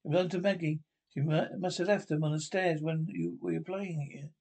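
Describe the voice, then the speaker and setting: A man's voice: a little high, steady tone, brisk, creaky, darkish tone. A man reading a jealous little girl. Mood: sweetly eager. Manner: reads stage directions aloud before lines. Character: young daughter, adoring of father, jealous.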